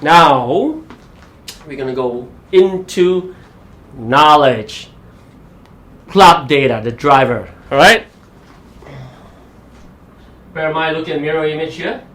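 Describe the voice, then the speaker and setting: A man's voice: on the high side, measured pace, long pauses. Guy hosting a golf fitness stream, pumped and pushy, roomy echo. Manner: energetic, motivational, pushes through exercise while talking. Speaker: golf fitness coach and show host. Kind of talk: live-streamed workout and golf tips.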